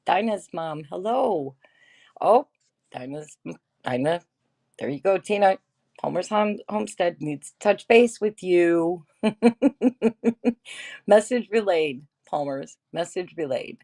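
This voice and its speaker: A woman's voice: fairly low pitch, expressive, takes it slowly, long pauses, dark tone. A middle-aged woman hosting a casual livestream, chatting, laughing often and greeting viewers by name as she reads their comments. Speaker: livestream host.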